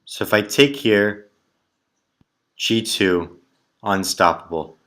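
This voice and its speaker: Slow, low-voiced man calculating chess moves. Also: a bit bright. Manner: muttering chess moves in short clipped phrases. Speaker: chess player solving tactics puzzles. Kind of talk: thinking aloud while calculating.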